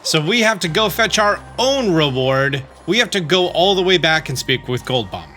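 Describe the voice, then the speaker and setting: Bright-voiced man narrating a game walkthrough. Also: fairly high pitch, very animated, moderate pace. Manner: chatty, reads game dialogue aloud in his own voice. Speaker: let's play host. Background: faint game music.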